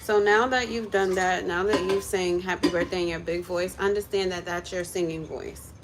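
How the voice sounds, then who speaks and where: A woman's voice: fairly low pitch, fairly even intonation, moderate pace, very noisy. Chatty woman coaching a singing lesson. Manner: chatty, encouraging, coaching step by step. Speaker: content creator and vocal coach. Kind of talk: casual livestream chat with a mini singing lesson. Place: home kitchen while cooking.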